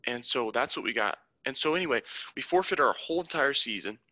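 A man's voice: medium pitch, expressive, fast, bright, forceful tone, slight background noise, low-quality recording. A young man telling a story in a casual conversation, rambling and heated, with many restarts. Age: young adult.

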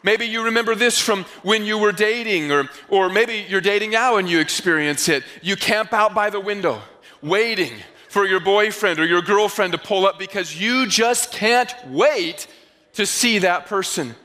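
A man from the Northeastern United States preaching a sermon as pastor, animated and telling stories with acted-out dialogue. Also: sits high, moderate pace.

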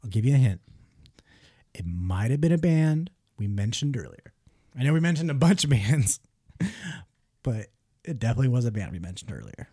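A man's voice: medium pitch, very animated, normal speed, pauses often, warm tone, breathy edge. A man co-hosting a podcast, running a music guessing game in casual, playful banter full of teasing and swearing. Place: small room with a window.

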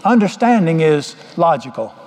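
Folksy preacher with a higher voice. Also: male voice, sing-song, moderate pace, darkish tone. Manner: folksy, joking storyteller. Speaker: pastor. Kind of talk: sermon. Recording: long hall reverb.

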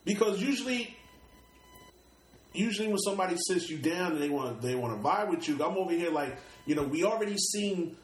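The interview guest, a middle-aged rapper from Brooklyn, speaks in a high, expressive voice a little on the fast side, with a New York accent. He spins stories casually and streetwise, swearing openly and frequently restarting or repeating words. The sound is reverberant and rough.

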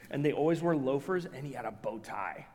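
A man delivers a sermon, his pitch climbing and dropping with lots of expression. He tells stories and acts out other people's voices, often restarting his phrases. His voice carries a long reverb, as if from a big church hall. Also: a little fast. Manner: animated storyteller, acts out quoted voices, self-restarting. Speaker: pastor.

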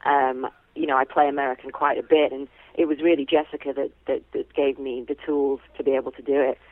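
A woman actress chatting as a guest, warm and chatty with lots of fillers and easy laughs. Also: a bass voice, level tone, fairly quick, no echo. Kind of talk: casual phone interview. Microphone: telephone. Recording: tinny phone line.

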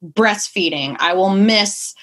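A breathy young woman talks in a loose, rambling way, swearing casually as she goes. Her voice sits at a middling pitch with a husky edge. It sounds like a relaxed podcast conversation. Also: slow pace. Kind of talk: casual chat.

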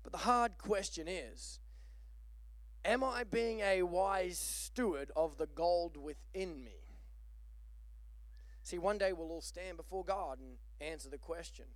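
A man preaching a lively sermon, joking and calling for amens. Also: sits high, slow pace, no echo. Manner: animated, joking, calls for amen. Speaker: pastor.

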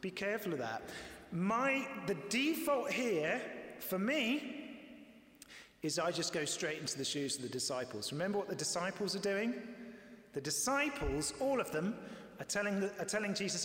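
High-voiced preacher in an echoey hall. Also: male voice, moderate pace. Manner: lively, conversational, acts out quoted voices. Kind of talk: sermon. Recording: echoey hall with long reverb.

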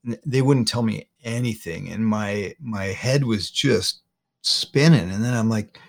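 A man, a guest in an interview, retelling a painful personal story haltingly, often repeating words. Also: lowish voice, creaky.

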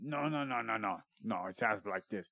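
This comedy podcast host has a lowish, gravelly voice and a moderate pace, captured lo-fi with no room sound. His casual chat rambles and jokes along, with occasional readings from his research notes.

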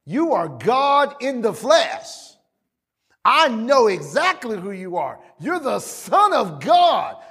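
A man voicing a panicky male demon that pleads and begs, with drawn-out words. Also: extremely high pitch, sing-song, pushed and bright, slightly rough, exaggerated voice. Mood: awed.

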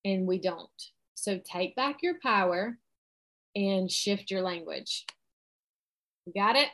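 Woman, motivational coaching talk, earnest, animated, mid-pitched voice. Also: slow. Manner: earnest, animated, acts out inner self-talk.

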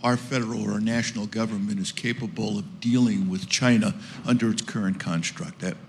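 A man's voice: on the low side, steady tone, brisk, gravelly, a little hiss or hum. A man from Brooklyn, an audience member asking a long, wry, informal question. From Brooklyn, New York.

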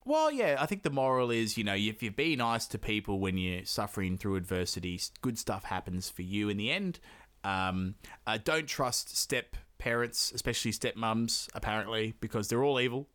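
A man's voice: on the low side, expressive, normal speed, a bit bright. A man, casually retelling a folktale to his sister on a podcast, swearing and laughing as he goes. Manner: laughs often, swears freely, acts out characters in quoted voices. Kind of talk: casual chat, crude and joking.

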